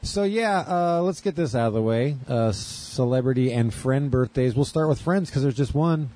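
A man co-hosting a casual podcast, telling rambling, jokey stories and running through birthday shout-outs. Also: medium pitch, animated, normal speed. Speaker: podcast co-host. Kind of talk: casual chat.

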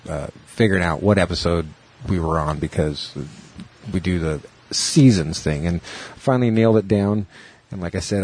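Husky man telling rambling stories. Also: low-pitched, darkish tone. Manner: rambling storyteller, swears, acts out quotes. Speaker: podcast co-host. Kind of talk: casual podcast chat.

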